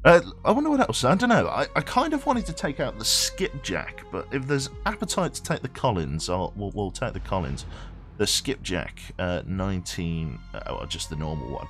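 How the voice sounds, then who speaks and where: A man's voice: fairly low pitch, big pitch swings, normal speed, music in the background. A man streaming a game in a rambling, chatty way, reading game text aloud and swearing offhand. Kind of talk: casual live game commentary.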